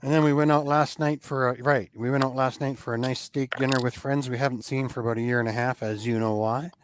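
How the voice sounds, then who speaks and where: A man's voice: mid-range voice, fairly even intonation, fast, slight background noise. A man from Canada chatting on a live stream, friendly and ready with a story. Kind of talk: casual chat.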